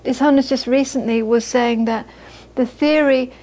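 A woman's voice: sits high, steady tone, normal speed, low-quality recording. A woman teaching Buddhism to an audience, talking in a conversational way with stories and laughter. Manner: conversational, warm storytelling with frequent laughter. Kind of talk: dharma talk to an audience.

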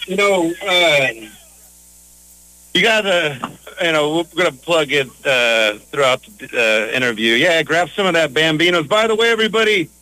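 A man's voice: on the high side, a little slow, bright, forceful tone, poor audio. A man hosting a casual interview, loose and chatty with lots of fillers. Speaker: interviewer, host.

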